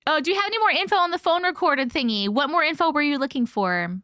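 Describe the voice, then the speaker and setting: Hosting a laid-back live stream, this young Long Island woman reads viewer comments out loud, laughing and cursing without restraint. She talks fast in a high, animated, sharp-toned voice. The studio-quality audio carries no room sound.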